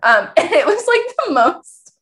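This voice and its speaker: A woman's voice: very high voice, sing-song, measured pace, fairly bright tone. A young woman co-hosting a podcast, telling a personal story candidly and animatedly, with many fillers. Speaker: podcast co-host. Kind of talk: casual podcast conversation.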